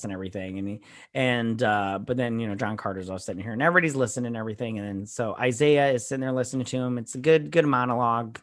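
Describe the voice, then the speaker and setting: A man's voice: medium pitch, fast, a bit bright. A man hosting a casual episode recap, rambling with lots of fillers and blunt opinions. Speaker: show host reviewing a TV episode.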